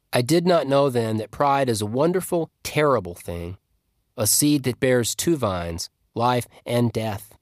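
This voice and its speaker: A man reading a literary story aloud at a measured, reflective pace. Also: mid-range voice, darkish tone, no echo, studio quality. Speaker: story reader.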